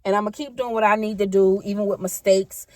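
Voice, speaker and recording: This woman in her fifties is a vlogger chatting casually on a car ride, rambling and correcting herself as she goes. Her voice is medium-pitched and a little mellow, with a steady tone and a fast pace.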